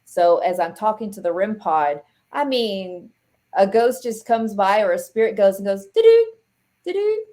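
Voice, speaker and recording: A woman guest on a podcast, chatting casually in an excitable, blunt way and laughing often. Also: mid-range voice, moderate pace. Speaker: podcast guest, ghost hunter. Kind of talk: casual chat.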